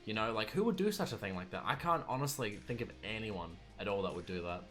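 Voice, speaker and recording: A man's voice: on the low side, expressive, fast talker, fairly bright tone, faint music behind. A young man around twenty, a streamer, ranting casually about pet peeves with sarcastic, exasperated asides. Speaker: streamer and video maker.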